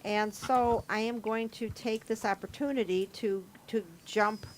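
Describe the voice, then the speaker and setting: A woman's voice: a little high, steady tone, unhurried, slight background noise. A middle-aged woman hosting a casual group chat over a video call, rambling and laughing at herself. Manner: rambling, laughing, self-deprecating. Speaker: host.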